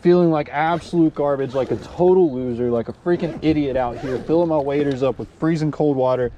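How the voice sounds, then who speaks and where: A man's voice: fairly high pitch, a little fast, dull audio, slight background noise. A man vlogging outdoors at a winter creek, soaked and cold, talking casually with lots of dude and yo. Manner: excitable, slangy, says yo and dude. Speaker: fishing vlogger.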